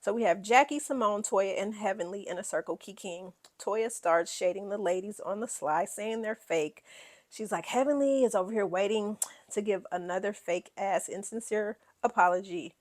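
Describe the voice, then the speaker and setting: A woman hosting a casual reality TV recap, sassy and animated, laughing often as she dishes gossip. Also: mid-range voice, normal speed.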